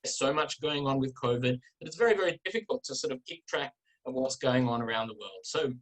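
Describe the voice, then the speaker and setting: A middle-aged man with an Australian accent, giving a relaxed talk as a guest speaker over a video call, often repeating words. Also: mid-range voice, a little fast, poor audio. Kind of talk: informal talk with anecdotes.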